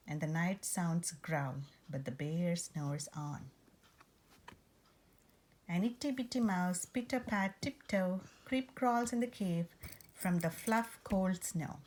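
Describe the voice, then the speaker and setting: Woman, storybook reading, slow, lowish voice, rhythmic. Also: lively intonation, darkish tone, a little hiss or hum. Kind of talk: reading a picture book aloud.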